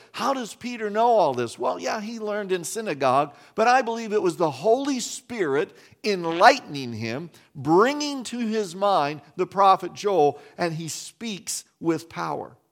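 A man from West Virginia preaching a sermon in a conversational way, with folksy asides and frequent restarts. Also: high voice. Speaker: pastor.

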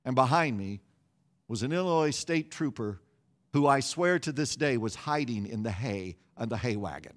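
A middle-aged male pastor delivering a sermon, telling a story with lively, self-mocking humor. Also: medium pitch, moderate pace.

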